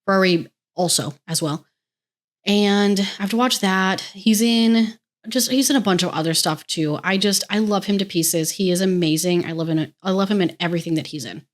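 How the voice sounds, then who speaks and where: A woman's voice: medium pitch, moderate pace. Young American woman, solo podcast host, chatty and effusive, loose rambling delivery, curses often. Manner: gushing, rambling, swears freely. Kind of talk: casual solo podcast chat.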